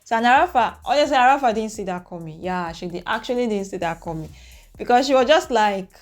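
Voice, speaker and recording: A young woman, recapping events to her viewers in an animated, opinionated way. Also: medium pitch, a little fast. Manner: animated, opinionated retelling with acted quotes. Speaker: reaction vlogger. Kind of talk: casual recap talking to viewers.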